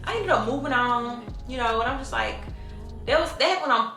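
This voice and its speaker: A woman's voice: a little high, lively intonation, fairly quick, pushed and bright, reverberant, soft background music. A woman, telling stories in a blunt, profane, conversational Q&A vlog. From Mobile, Alabama, US. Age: 20s. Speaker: vlogger. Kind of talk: casual Q&A storytelling.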